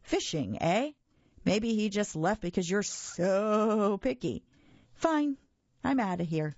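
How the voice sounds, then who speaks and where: A woman playing a big sloppy monster, slurping and whining, gravelly and loud, for a bedtime story. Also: medium pitch, animated, slow pace, no room sound, dull audio, pitched above the performer's own voice. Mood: whiny. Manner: slurping and whiny. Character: big scruffy slobbering boy monster.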